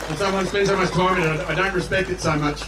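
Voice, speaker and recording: A blunt Australian man speaks at an outdoor rally in a high voice, folksy and colloquial. He sounds distant from the microphone, his words carried over a public address system. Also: fairly even intonation, fast talker, background noise. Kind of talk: rally speech. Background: crowd.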